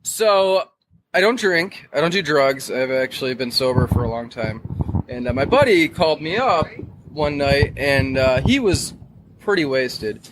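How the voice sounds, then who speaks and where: A man's voice: fairly high pitch, a little slow, noisy background. A young man from Detroit, a podcast guest telling a wild story in casual, profane talk. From Detroit, Michigan. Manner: profane, animated storyteller, loud when acting out shouts.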